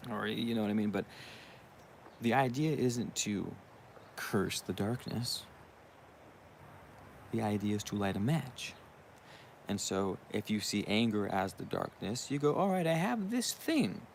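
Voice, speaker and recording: A young man with a low, gravelly voice talks through a loose, profane monologue, circling back with asides as he goes. A faint bed of room noise sits under his voice. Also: a little slow, long pauses. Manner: profane, rambling, uses you know what I mean often. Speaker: channel host. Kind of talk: casual monologue.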